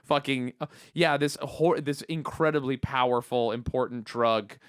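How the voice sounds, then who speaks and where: A man's voice: mid-range voice, normal speed, clean tone, no room sound, clean studio sound. A man co-hosting a podcast who talks in blunt, profane, sarcastic casual chat. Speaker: podcast co-host.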